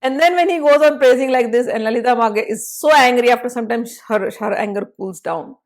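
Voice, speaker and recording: A woman's voice: a little high, fairly quick. Woman telling a devotional story. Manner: animated, conversational storytelling. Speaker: spiritual teacher.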